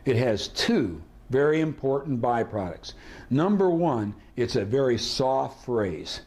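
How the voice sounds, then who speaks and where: A man's voice: mid-range voice, big pitch swings, measured pace, darkish tone. Male negotiation trainer, seminar delivery, quizzes the room with rhetorical questions. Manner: asks the audience rhetorical questions and acts out sample dialogue. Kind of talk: seminar teaching.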